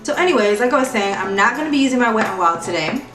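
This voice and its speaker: A woman's voice: a little high, lively intonation, rapid-fire, over music. Woman, beauty vlogger, chatty sing-song tutorial voice, distant mic, echoey room. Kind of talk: casual makeup tutorial.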